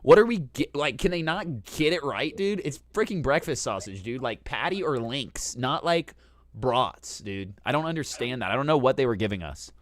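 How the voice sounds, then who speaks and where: A man hosting a casual chat, telling a long story in an animated, profane way and saying "dude" constantly. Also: medium pitch, normal speed, dry recording. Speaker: host.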